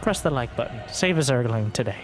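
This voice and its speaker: Excitable joking male game caster. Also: fairly quick. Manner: excitable, joking, bursts into high exclamations. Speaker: esports caster. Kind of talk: solo play-by-play commentary.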